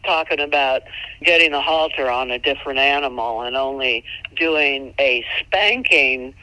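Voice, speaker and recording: A woman mule trainer giving casual, folksy advice, chatty and quick to laugh, sometimes jumping into high, playful tones. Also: sharp tone, no room sound, low-quality recording. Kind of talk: casual instructional chat.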